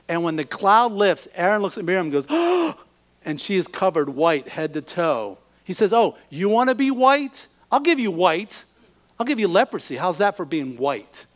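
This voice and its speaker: A man preaching a sermon, animated and acting out the voices of the people he quotes. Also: sits high.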